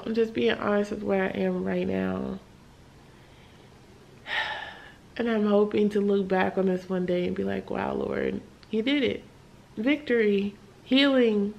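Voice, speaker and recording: Weary, candid young woman with gravelly fry. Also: medium pitch, a little hiss or hum. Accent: American. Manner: candid, tired, halting, with sighs and soft laughs. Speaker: vlogger. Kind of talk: emotional late-night vlog talk.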